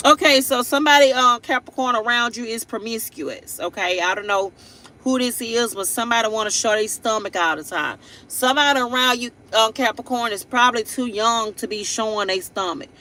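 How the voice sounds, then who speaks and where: A woman's voice: fairly high pitch, a little fast, pushed and bright, rough recording. A woman hosting a casual live tarot reading. She rambles in a blunt, playful way, with laughing asides and frequent tag questions. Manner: blunt and playful, with slangy everyday speech. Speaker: tarot reader and live-stream host.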